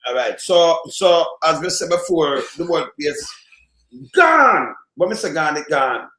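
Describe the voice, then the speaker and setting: A man's voice: fairly high pitch, moderate pace. A Jamaican man hosting a casual political commentary show, rambling and emphatic in heavy patois. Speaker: host. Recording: echoey room.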